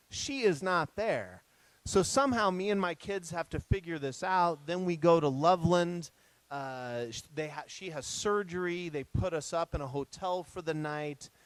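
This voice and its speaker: A man giving a guest talk, a lively storyteller recounting family mishaps with humor. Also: fairly high pitch, no room sound, rough recording. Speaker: guest speaker. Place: retreat center talk.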